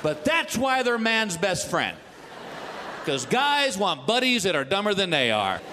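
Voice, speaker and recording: A man's voice: sits high, big pitch swings, unhurried. A male stand-up comedian telling a long story in a folksy, drawling way. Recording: live hall reverb with noise.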